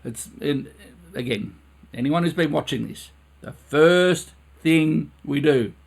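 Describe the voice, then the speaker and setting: A man's voice: fairly high pitch, takes it slowly, vocal fry, husky. A man teaching a live-streamed brass lesson from his recording studio, earnest, repeating phrases over and over for emphasis.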